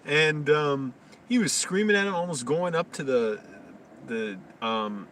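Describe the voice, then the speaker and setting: A man's voice: a little high, unhurried, a bit bright. A man chatting loosely on a live stream, rambling with lots of fillers. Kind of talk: casual live-stream chat. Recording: slightly distant mic, faint noise.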